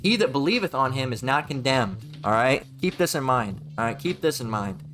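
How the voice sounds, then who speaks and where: A man's voice: mid-range voice, animated, fairly quick, a bit bright, faint music behind. A man preaching informally in a rambling, profane way, mocking other people with put-on voices and reading scripture. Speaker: street preacher.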